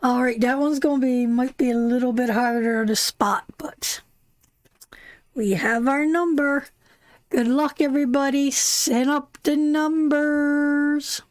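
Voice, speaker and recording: Chatty high-voiced woman, tarot live host. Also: steady tone, takes it slowly, dry recording. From Canada. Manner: chatty and rambling, calls viewers darling and sweetheart. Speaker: tarot reader hosting a live stream. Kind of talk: casual live-stream chat.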